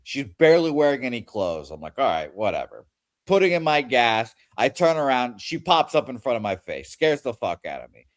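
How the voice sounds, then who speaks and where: A man's voice: mid-range voice, big pitch swings, fairly quick, dry recording, studio quality. A man on a podcast telling a story casually, blunt and profane. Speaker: podcast co-host.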